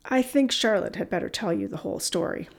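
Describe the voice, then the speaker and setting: Storybook: a calm, gentle man, as a woman narrator reads him, slight gravel in the tone. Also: mid-range voice, brisk. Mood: reassuring. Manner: gentle, matter-of-fact. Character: calm, reassuring male friend.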